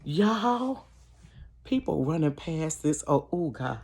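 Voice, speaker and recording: A woman's voice: sits low, slow pace. Chatty woman telling a storytime vlog. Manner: animated, chatty, frequent laughter, addresses viewers. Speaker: vlogger. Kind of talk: casual storytime monologue. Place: bedroom.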